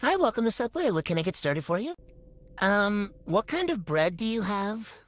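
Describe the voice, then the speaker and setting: A woman's voice: medium pitch, very animated, normal speed, voice pushed down, lightly acted. A woman playing a puzzled sandwich shop worker at the counter.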